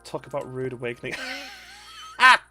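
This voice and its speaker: A man's voice: medium pitch, big pitch swings, moderate pace, pushed and bright. Chatty man streaming a game. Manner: chatty, rambling, laughs often. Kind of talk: casual let's-play commentary. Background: faint game music.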